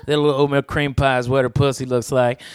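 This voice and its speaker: A man's voice: mid-range voice, level tone, fast talker, clean tone. A man hosting a podcast, talking in a boisterous, profane, rowdy way. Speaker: podcast host. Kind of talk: crude comedic banter.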